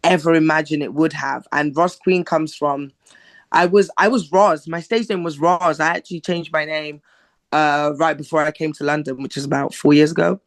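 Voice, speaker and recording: A woman from Zimbabwe, a singer talking as a podcast guest in a soft-spoken, reflective, halting way. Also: sits low, fairly even intonation, dry recording. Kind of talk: casual interview chat.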